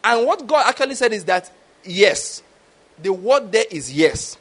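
Male preacher, high voice, animated sermon delivery, keeps checking the congregation follows. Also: unhurried, slightly rough. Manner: animated, keeps asking "do you get my point?".

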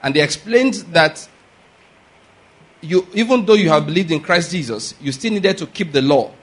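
A man's voice: a little high, animated, moderate pace. A man preaching a sermon, emphatic and addressing the congregation directly with questions. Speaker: pastor.

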